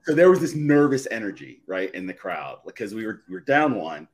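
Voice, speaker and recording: A middle-aged man with a fairly low voice tells a long, heartfelt story. He rambles, doubles back and restarts his phrases as a guest on a live show. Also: very animated, fairly quick. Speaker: podcast guest.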